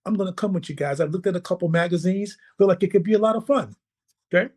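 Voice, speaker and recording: A podcast guest with a slightly raised pitch tells a story in a casual, lively way, talking fast. He acts out what other people said and keeps checking in with the listener by asking "right?" and "okay?".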